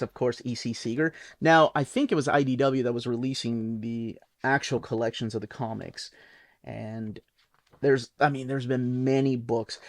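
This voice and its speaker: A man with a mid-range, somewhat dark voice, recorded with no room sound, casually shows off and reviews comic books. He's an adult book reviewer who watched reruns as a kid, and his product overview rambles enthusiastically with plenty of fillers.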